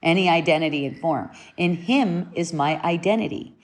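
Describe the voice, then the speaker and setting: Woman teacher talking spirituality, lowish voice, slow and reflective, keeps rewording things. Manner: unhurried, repeats and rephrases her points.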